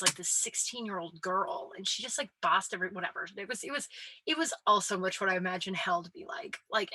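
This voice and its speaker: Bright-voiced chatty woman telling stories. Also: mid-range voice, dry recording. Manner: chatty, self-deprecating, heavy use of "like", swears casually. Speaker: podcast host and comedian. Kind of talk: casual storytelling monologue.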